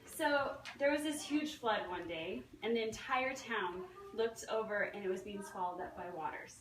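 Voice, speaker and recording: A woman's voice: medium pitch, moderate pace, noisy background. A young woman giving a nervous testimonial at a meeting, telling a story with many ums and acting out quoted voices. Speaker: testimonial speaker. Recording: echoey room, recorded from far off.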